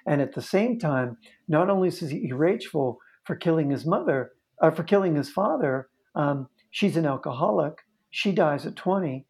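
Speaking at a moderate pace with lively intonation, this therapist has a somewhat high, darkish-toned voice. He tells the story of a case conversationally, with earnest vividness and frequent sentence restarts.

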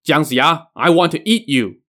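A man's voice: fairly high pitch, expressive, normal speed, sharp tone, pitched above the performer's own voice. A man voicing a strange ancient male creature, menacing at first and then begging for mercy, in a narrated legend.

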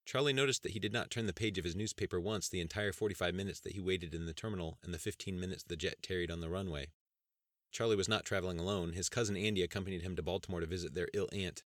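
A man reading an audiobook in steady, measured narration. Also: sits low, no echo, studio quality.

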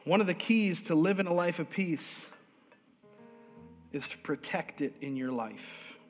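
A man preaching a sermon to a congregation, pressing his points with repeated words and calls of amen, swinging between loud emphasis and hushed asides. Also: on the high side, a little slow, faint music behind. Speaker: pastor. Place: church sanctuary. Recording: long reverb of a large hall.

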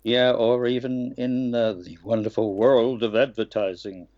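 An older man from Australia tells stories with lively energy and acts out what others said. His voice has a gravelly edge. The sound is dull and lo-fi, like a remote link. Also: medium pitch, unhurried. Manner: lively storyteller, laughs and acts out quotes. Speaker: guest voice actor. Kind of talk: anecdotal interview chat.

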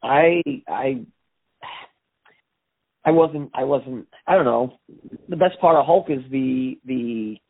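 Casting note: man, mid pitch, slightly husky, unsure casual chat, phone-like audio. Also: slow, pauses often. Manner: hesitant, searching for words. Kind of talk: casual movie discussion.

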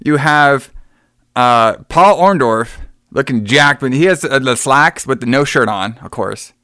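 A man's voice: mid-range voice, expressive, measured pace, pushed and bright, no echo, clean studio sound. A man hosting a podcast, retelling a show in a rambling, laughing, swearing chat. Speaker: podcast host.

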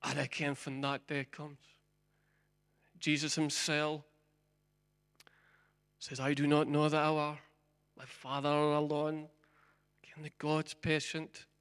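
High-voiced preaching pastor in a reverberant hall. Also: male voice, monotone, slow, pauses often, clear, resonant tone. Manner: swings between loud preaching and soft whispered pleading. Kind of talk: sermon.

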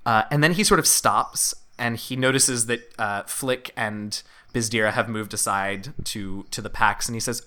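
Deep-voiced woman running a tabletop game. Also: moderate pace. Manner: animated, chatty with fillers. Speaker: game master.

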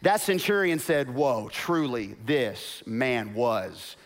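A male pastor preaching a sermon, moving from hushed, quiet storytelling to loud, rising proclamation and calling on the congregation to repeat after him. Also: medium pitch, very animated, slow pace. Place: church.

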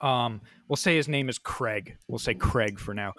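Bright-voiced young man telling stories. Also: mid-range voice, measured pace, no echo. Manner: animated, profane, filler-heavy storytelling. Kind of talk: casual storytelling chat.

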